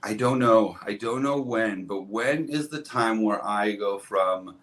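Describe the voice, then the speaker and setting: A man's voice: lowish voice, a little slow, a bit bright. Earnest, rambling hairdresser man. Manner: rambling, earnest, frequent restarts and "like". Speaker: podcast guest, hairdresser. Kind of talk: casual conversational storytelling.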